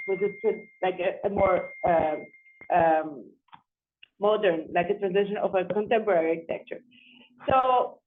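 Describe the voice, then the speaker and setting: A woman's voice: medium pitch, slight background noise. Woman architect with tinny phone-like sound. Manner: repeats and restarts words, animated. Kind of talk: storytelling in an interview.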